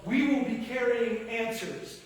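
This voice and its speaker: A pastor with a Midwestern American accent preaching a sermon, telling a family story with quoted lines and dropping to a hush at tense moments. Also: male voice, extremely high pitch, unhurried, slight background noise. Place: church sanctuary. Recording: echoey church from a distance.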